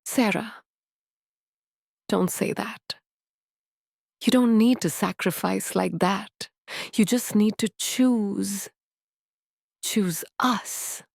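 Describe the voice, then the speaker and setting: A woman voicing a young man who pleads softly with his lover. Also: mid-range voice, extremely slow, vocal fry, pauses often, no echo, clean studio sound, full character voice. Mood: pleading. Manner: soft, pleading.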